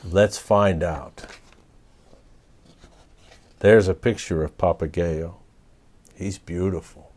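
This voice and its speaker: A man reading a picture book aloud to children, speaking gently and pausing to ask the young listeners questions. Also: deep voice, steady tone. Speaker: storyteller.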